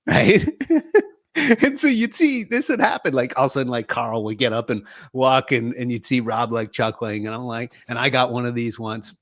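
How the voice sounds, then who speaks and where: A middle-aged man co-hosting a podcast, telling stories in a relaxed, casual chat and laughing often. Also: mid-range voice, normal speed, no echo, clean studio sound. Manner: laughing storyteller. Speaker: podcast co-host.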